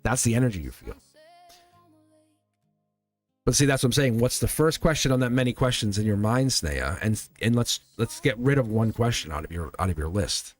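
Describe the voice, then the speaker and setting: Guy doing a live tarot stream, rambly and encouraging, keeps asking "right?", soft music in the back. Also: fairly low pitch, expressive, fast, hardly any pauses, no echo. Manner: loose, rambling, encouraging, often checking in with "right?". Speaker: tarot reader and channel host.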